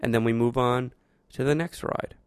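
A man's voice: mid-range voice, fairly even intonation, normal speed, clear, resonant tone, no echo. A man hosting a show, talking through his thoughts in a rambling, reflective monologue with frequent restarts. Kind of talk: casual monologue.

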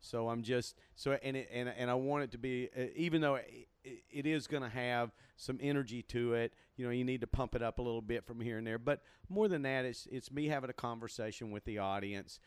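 Playful hesitant man, smooth dry voice. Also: medium pitch, fairly even intonation, fairly quick, hardly any pauses, no echo. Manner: playful, hesitant, self-mocking. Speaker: comedy club owner and host. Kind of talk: casual conversation.

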